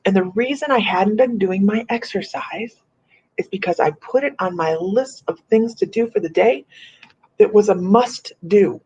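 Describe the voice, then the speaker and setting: Husky chatty woman on a live stream. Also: medium pitch. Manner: chatty, animated, laughs often. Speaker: psychic medium host. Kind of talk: casual live-stream chat. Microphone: computer or phone on a live video stream. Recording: muffled lo-fi stream audio.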